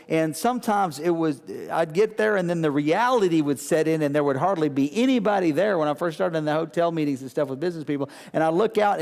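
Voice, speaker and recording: Male pastor, high voice, animated preaching, call-and-response, long hall reverb. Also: vocal fry. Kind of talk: sermon.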